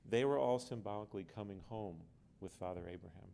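A man's voice: on the low side, brisk, creaky, mellow. A man speaking as an author on a book festival panel, earnest and emphatic, often repeating words as he goes. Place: book fair event.

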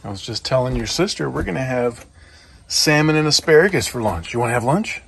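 A dog vlogger coaxes his dogs in a sing-song way while getting their lunch ready, starting outdoors in a yard and then moving indoors. His mid-range voice is expressive, fairly quick, creaky and fairly bright, with a breathy edge.

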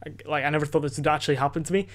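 This teenage podcast host has a fairly high pitch and fairly even intonation, and he rushes through a casual story at his desk mic. His telling wanders, with lots of fillers, restarts, and free swearing.

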